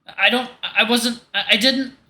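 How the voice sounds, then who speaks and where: A man's voice: very high voice, moderate pace, voice pushed up, heavily acted. Man voicing a furious blue jay bird-man. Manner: shouting, snarling, cursing. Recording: roomy echo.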